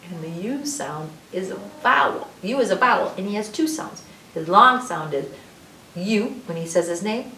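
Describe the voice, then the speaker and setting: A woman reading an alphabet picture book aloud to children, with drawn-out letter sounds. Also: lowish voice, animated, bright, forceful tone, echoey room, recorded from a distance, a little hiss or hum, rough recording. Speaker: librarian storyteller.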